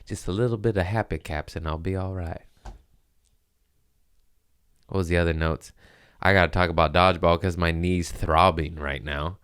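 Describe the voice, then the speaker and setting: A man's voice: low voice, fairly even intonation, normal speed, long pauses, fairly bright tone, clear, resonant tone, no echo, clean studio sound. A man in his thirties hosting a podcast, telling stories in a profane, rambling casual chat. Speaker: podcast host, comedian.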